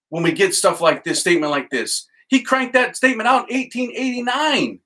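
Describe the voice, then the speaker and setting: Excitable priest with a lively high voice. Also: male voice, a little fast, few pauses, low-quality recording. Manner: excitable, enthusiastic, exclaims; prayerful chanting in the litany. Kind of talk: teaching talk and leading a litany.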